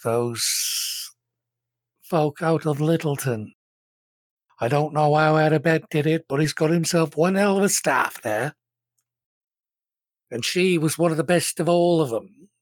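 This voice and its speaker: A game master voicing an older male crime boss who speaks in a measured, formal and courteous way. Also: medium pitch, no room sound, natural voice. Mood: gracious.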